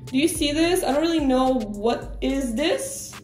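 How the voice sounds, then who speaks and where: A woman's voice: high voice, lively intonation, a little slow, a little mellow, far from the mic, faint music behind. A young woman chatting casually in a fashion try-on vlog, gushing and bubbly, full of "like" and "so cute". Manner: bubbly, gushing, filler-heavy. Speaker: fashion vlogger. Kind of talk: casual try-on haul chat. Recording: echoey room, voice set back from the mic.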